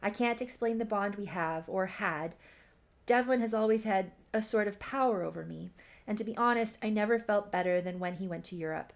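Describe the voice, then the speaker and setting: A tearful young woman, guilt-ridden and anxious, pleading earnestly for forgiveness, as a woman puts her on while retelling a life-sim soap opera. Her voice carries a gravelly fry. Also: medium pitch, a little fast, close to an everyday voice.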